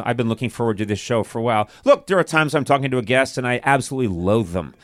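A man in his sixties hosts a live comedy podcast in a mid-pitched voice. He riffs and jokes loosely and pokes fun at himself. His delivery is relaxed and conversational. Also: fast talker, hardly any pauses, no room sound, studio quality. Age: 60s. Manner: joking, self-mocking and riffing. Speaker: podcast host. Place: live show on a stage.

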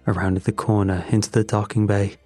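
A man narrating a first-person horror story in a measured, grim way. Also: lowish voice, little pitch movement, warm tone, no echo, faint music behind.

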